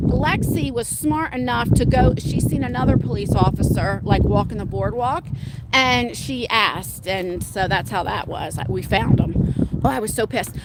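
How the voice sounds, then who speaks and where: A middle-aged woman livestreaming from her phone on an outdoor walk, telling rambling, excitable stories to her viewers. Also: fairly high pitch, very noisy. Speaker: livestream host. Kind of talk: casual live-stream chat. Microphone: phone held at arm's length.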